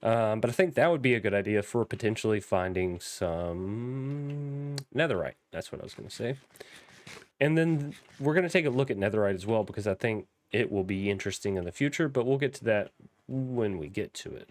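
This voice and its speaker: A man's voice: lowish voice, lively intonation, brisk. A young man with a Southern accent, rambling through casual gameplay commentary with frequent ums and restarts. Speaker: Minecraft modpack let's player.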